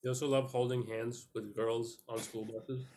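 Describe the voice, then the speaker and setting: A man's voice: mid-range voice, flat delivery, moderate pace, dark tone. Rambling young man on a podcast. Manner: rambling storyteller, crude jokes. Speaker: podcast host. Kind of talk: casual podcast banter.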